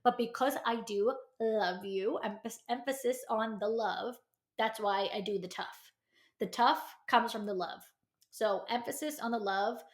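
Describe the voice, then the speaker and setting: A young woman hosts her own advice podcast, talking straight and emphatic, hammering points home with tough love. Her voice sits a little high. The room around her is echoey. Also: unhurried. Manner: blunt tough-love delivery, emphatic repetition. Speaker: podcast host giving advice.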